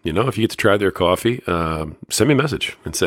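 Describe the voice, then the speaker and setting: A man with a deep, low voice talks loosely and conversationally, filling pauses with lots of fillers as he retells an old story. The sound is dry and close, with no room echo. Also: expressive. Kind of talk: casual talk retelling a Bible story.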